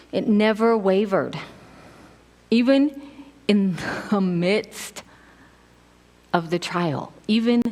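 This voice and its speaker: A middle-aged woman giving a casual sermon, telling stories in an animated way and acting out quotes with laughs. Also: medium pitch. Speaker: preacher. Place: church sanctuary. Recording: long hall reverb.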